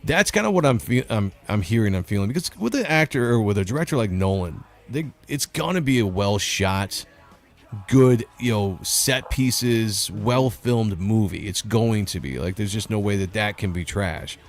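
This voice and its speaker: A man's voice: on the low side, expressive, normal speed. A man hosting a casual livestream, reading chat comments and giving blunt opinions. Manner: blunt, opinionated, laughs often. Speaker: host reading live chat.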